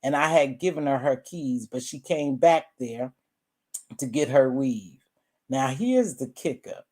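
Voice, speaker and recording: A woman in her sixties who speaks at a middling pitch. She tells a long family story to a live audience in a relaxed, chatty way, full of asides and lively retellings. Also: unhurried. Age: 60s. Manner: animated, chatty, calls listeners "baby" and "y'all". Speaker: guest telling a family story.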